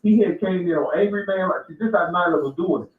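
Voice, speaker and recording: A man co-hosting a casual podcast, telling animated stories and acting out what others said. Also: sits high, fast, phone-quality sound. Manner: animated storyteller acting out quotes. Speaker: co-host. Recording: echoey, distant mic with faint noise.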